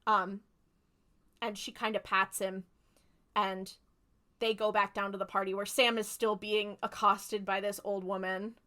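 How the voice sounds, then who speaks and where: With a bright, forceful tone at medium pitch, this woman delivers flatly at a measured pace, leaving long pauses. She co-hosts a podcast recapping episodes, retelling a story in casual chat with many fillers and free swearing.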